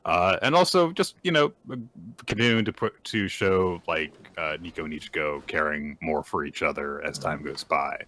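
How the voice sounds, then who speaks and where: A man's voice: extremely low pitch, normal speed, a bit bright. A man co-hosting a podcast in casual chat, adding wry, joking asides. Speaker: podcast co-host.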